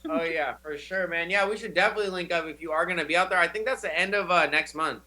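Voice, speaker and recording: A young man hosting a casual chat, telling stories in a slangy, swearing, animated way. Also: fairly high pitch, fast talker. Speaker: show host.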